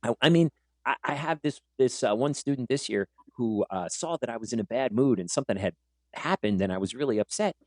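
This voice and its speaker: A man who hosts a podcast and also works as a teacher tells stories in a casual, animated way, acting out the dialogue. His voice is mid-range and fairly quick, with no echo.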